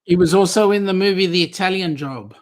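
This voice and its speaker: A man with an Australian accent, co-hosting a casual live stream with relaxed, joking banter. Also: sits high, a little fast, no room sound, clean studio sound.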